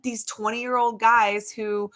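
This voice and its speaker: Female sports-show host, bright voice, chatty, loose delivery over a video call. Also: on the high side, level tone, slow. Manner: conversational, frequent restarts and asides. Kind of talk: casual panel discussion.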